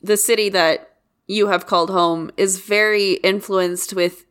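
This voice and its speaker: A woman's voice: mid-range voice, fairly even intonation, unhurried, a bit bright, clear, resonant tone. Earnest woman co-host giving advice. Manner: earnest, advice-giving, moves the talk along. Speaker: podcast co-host. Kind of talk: casual chat.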